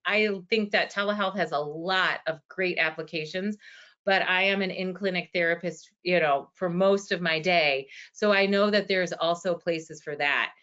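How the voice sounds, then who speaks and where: A woman's voice: fairly low pitch, fairly even intonation, normal speed, a bit bright. A woman in her forties, a physical therapist, answering questions in a webinar in an earnest, conversational way with many fillers. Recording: dull lo-fi webinar audio.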